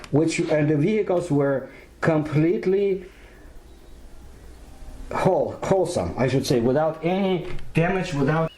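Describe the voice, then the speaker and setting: A man narrates in English, slow and halting, pausing with fillers as he searches for words. His voice is dark and mellow, sitting a little high for a man. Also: a little hiss or hum, poor audio. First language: Russian. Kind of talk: narration in a played video.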